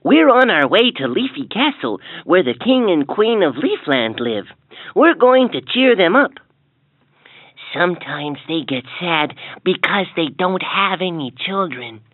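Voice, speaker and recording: A woman voicing an upbeat young hero in a toy's story, speaking with bright enthusiasm. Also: fairly low pitch, big pitch swings, measured pace, no echo. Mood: cheerful. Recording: tinny lo-fi toy speaker with soft music.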